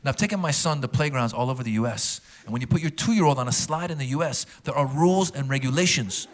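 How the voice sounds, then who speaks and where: A middle-aged man performing a stand-up comedy set before a live audience, telling animated stories and slipping into character voices. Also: medium pitch, quick pace. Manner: animated storytelling, switching into accented character voices. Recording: loud crowd and noise from a live show.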